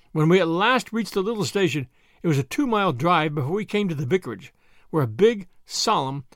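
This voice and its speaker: Male audiobook narrator, measured story reading, lively pitch, dry close sound. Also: no echo. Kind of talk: scripted narration.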